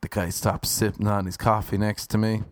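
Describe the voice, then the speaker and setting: A man's voice: fairly low pitch, flat delivery, normal speed, dry recording, studio quality. A man casually telling his viewers a profane, ranting story. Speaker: vlogger.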